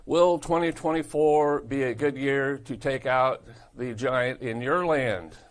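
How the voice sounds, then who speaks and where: A man's voice: medium pitch, unhurried. A male pastor preaching a sermon in a blunt, folksy, conversational way.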